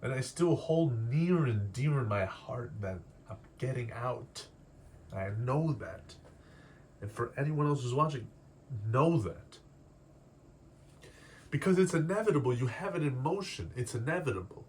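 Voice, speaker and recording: A man's voice: medium pitch, expressive, measured pace, a little mellow. A man in his twenties talking candidly in a confessional vlog, rambling and self-doubting, swearing casually as he works through his feelings. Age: 20s. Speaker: artist vlogger. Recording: faint background noise.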